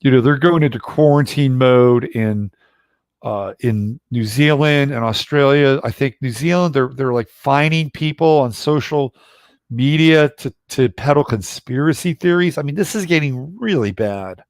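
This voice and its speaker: A man's voice: mid-range voice, normal speed, no echo, clean studio sound. A middle-aged man hosting a casual livestream about astrology, rambling and blunt, with occasional swearing. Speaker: astrologer host.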